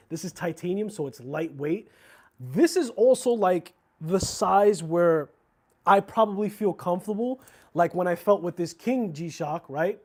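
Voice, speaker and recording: A man's voice: sits high, darkish tone. A man hosting a casual livestream about watches, talking in a chatty, slangy, rambling way with frequent restarts. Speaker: watch channel host.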